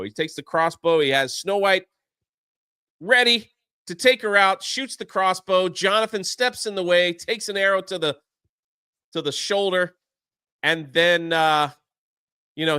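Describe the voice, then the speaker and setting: A man hosting a casual talk show, recapping a film in an animated way and briefly putting on voices for its characters. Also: on the high side, clean tone, no echo, clean studio sound. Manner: animated retelling, acting out characters' lines in quick put-on voices. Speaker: show host. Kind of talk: casual movie recap chat.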